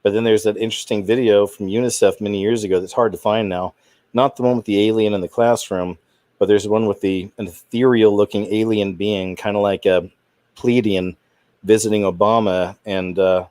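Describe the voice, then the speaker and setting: Low-voiced man ranting indignantly. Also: steady tone, moderate pace, a little mellow, dry recording. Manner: rambling, indignant, with trailing restarts. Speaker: channel host. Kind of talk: casual commentary monologue.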